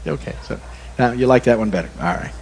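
A middle-aged male pastor giving a relaxed, conversational sermon that wanders into corny jokes. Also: mid-range voice, fast, vocal fry, noisy background. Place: church. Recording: long reverb in a church hall.

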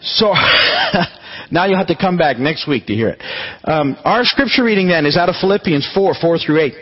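A man preaching a conversational sermon as pastor, teaching in a relaxed, chatty way with light humor. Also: high voice, normal speed, breathy edge, highs cut off.

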